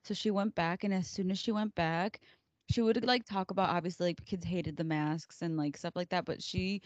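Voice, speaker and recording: A woman in her thirties co-hosting a casual podcast, telling animated stories about her kids and acting out their voices. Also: fairly low pitch, normal speed, dry recording, highs cut off. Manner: animated storyteller, acts out kids' voices. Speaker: podcast co-host. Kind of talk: casual chat.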